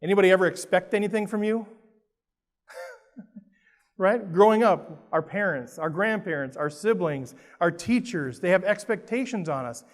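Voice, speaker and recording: A middle-aged man from Minnesota with a Minnesotan accent, giving a lively, playful motivational talk to a conference audience and asking them questions. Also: high-pitched, normal speed. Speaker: keynote speaker. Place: large conference hall with an audience. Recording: roomy hall reverb.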